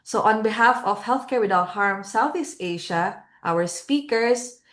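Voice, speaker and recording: A woman giving earnest closing remarks as host of an online webinar over a video call, with frequent filler pauses. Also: mid-range voice, animated, fairly bright tone.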